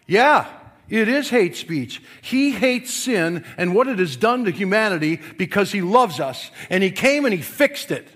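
A pastor preaching a sermon, swinging from quiet, low passages to forceful yelling. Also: male voice, big pitch swings, measured pace.

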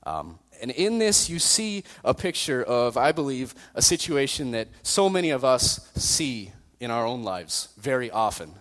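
Casual young youth pastor preaching in a hall. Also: male voice, medium pitch, sing-song, unhurried, hardly any pauses, a bit bright. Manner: casual storytelling preaching, self-deprecating. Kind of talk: sermon. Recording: long reverb in a hall.

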